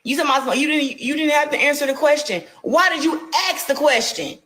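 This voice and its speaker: A woman's voice: high-pitched, moderate pace, fairly bright tone, low-quality recording. A woman boxer ranting on a livestream, scolding and confrontational, repeating herself. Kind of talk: heated livestream rant.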